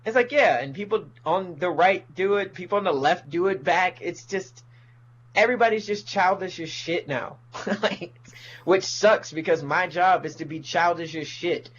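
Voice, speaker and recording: A man's voice: high-pitched, moderate pace, a bit bright, lo-fi sound, slight background noise. A man, a comedian, ranting profanely in casual podcast talk and mocking people in put-on voices. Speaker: comedian guest.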